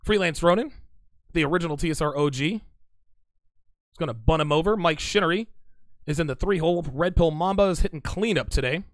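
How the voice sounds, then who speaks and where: Man, livestream host, blunt teasing banter, slightly high voice, dry close sound. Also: fairly quick, pauses often, no echo. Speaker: livestream host reading chat. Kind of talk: casual live-stream commentary.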